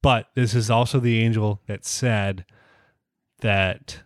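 A man co-hosts an anime podcast, reviewing shows in casual chat, rambling with many fillers and restarts. His voice is fairly low and steady, and he speaks slowly; the studio sound is clean with no echo.

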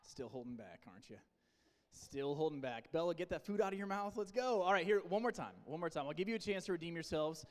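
A man's voice: on the high side, lively intonation, quick pace. A young man leading a group training with a playful, teasing pep talk. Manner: playful teasing, loud and coaxing. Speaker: camp leader training teen volunteers. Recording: long reverb in a large hall.

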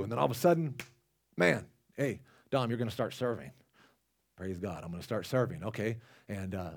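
A man with a somewhat low voice delivers a loose, conversational sermon. He wanders into asides and restarts his sentences as he talks to the congregation. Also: a little mellow. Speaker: lay preacher. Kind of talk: casual sermon.

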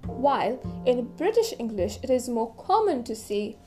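A woman's voice: fairly high pitch, sing-song, normal speed, darkish tone, faint music behind. A young woman hosting an educational podcast, reading a script in a playful, chatty way with jokey asides. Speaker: podcast host explaining English dialects.

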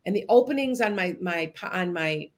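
A woman's voice: lowish voice, animated, moderate pace. Rambling woman podcast host. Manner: rambling, with many restarts and asides to listeners. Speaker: podcast host and psychic medium. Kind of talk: casual storytelling monologue.

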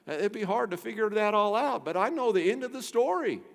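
An older man preaching a sermon, emphatic, asking rhetorical questions and swinging between loud and soft. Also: sits high, animated, a little fast, vocal fry. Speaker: pastor. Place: church sanctuary. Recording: long hall reverb.

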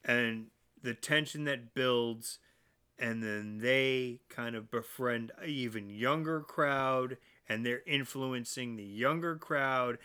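A man's voice: mid-range voice, slow pace, sharp tone, clean tone. A man co-hosting a podcast in casual chat, blunt and casually swearing. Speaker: podcast co-host.

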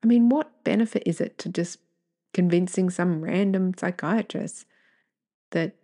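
A woman with a lowish, dark voice hosts her own podcast at a slightly slow pace, reading emails aloud. She comments bluntly and candidly, swearing freely and wandering into rambling, self-correcting asides.

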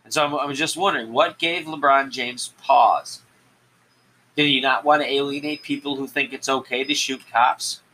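A man hosting a solo podcast, talking in a rambling, halting way with many restarts. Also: medium pitch, steady tone, sharp tone, slight background noise, rough recording. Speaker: podcast host. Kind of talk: solo political commentary podcast.

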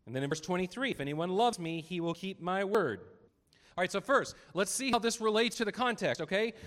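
High-pitched guy preaching in a church, slows down hard on the verses, big echoey hall. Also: fairly bright tone. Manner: earnest, emphatic preaching with slow stressed quotes. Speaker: pastor. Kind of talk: sermon. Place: church sanctuary. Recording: long hall reverb.

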